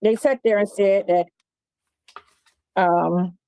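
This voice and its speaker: A woman's voice: medium pitch, fairly even intonation, slow, warm tone, no room sound. A woman explaining a legal case in a rambling way, trailing off with filler sounds. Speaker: commentator.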